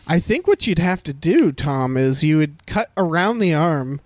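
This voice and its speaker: Male film-podcast co-host, raised pitch, dry mic, sardonic banter. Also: expressive, moderate pace, no echo. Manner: wry, joking, swears freely. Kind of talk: casual film discussion.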